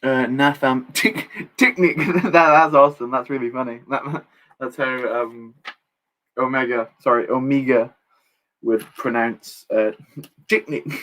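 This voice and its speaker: A young man chats casually on a live stream as he builds, reading chat aloud and joking at his own expense. His mid-range voice is steady, unhurried, and a bit bright.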